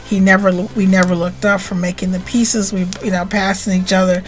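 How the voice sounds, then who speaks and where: A middle-aged woman telling a personal story on her video blog, swinging between plain recollection and tearful, animated outbursts. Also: fairly quick. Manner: emotional, animated retelling with rising pitch and tearful outbursts. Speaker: spiritual vlogger.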